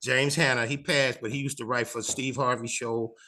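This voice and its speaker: A man's voice: mid-range voice, normal speed. A man in his fifties with a Chicago accent, a comedian telling a long story in an interview and acting out the voices of the people in it. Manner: animated storyteller, acts out other people's voices.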